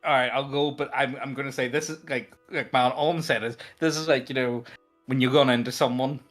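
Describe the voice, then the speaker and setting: A man's voice: medium pitch, fairly even intonation, brisk, a bit bright, soft background music. A man playing a tabletop game who tells rambling, joking stories full of fillers. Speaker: player. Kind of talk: casual tabletop role-play chat.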